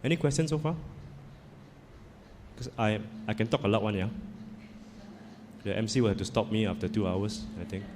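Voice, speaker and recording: A man's voice: on the low side, moderate pace, pauses often, a little mellow. Male lecturer, joking storyteller, echoey hall, faint hiss. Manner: joking, storytelling, checks in with audience. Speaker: lecturer, associate professor. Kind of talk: humorous public talk.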